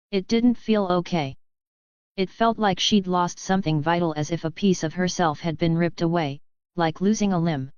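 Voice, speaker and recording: Brief: woman narrator, low smooth voice, even measured audiobook reading. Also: no room sound, highs cut off.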